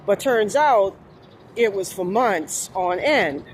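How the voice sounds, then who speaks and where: A woman's voice: medium pitch, expressive, slow, a little hiss or hum. Rambling New woman vlogging. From New Orleans, USA. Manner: rambling, meandering, frequent fillers. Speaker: spiritual vlogger. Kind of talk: casual monologue.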